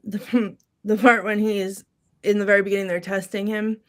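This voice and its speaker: A woman's voice: medium pitch, flat delivery, normal speed. Chatty woman co-hosting a podcast. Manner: chatty, retells film scenes with many fillers. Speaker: podcast co-host. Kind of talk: casual chat.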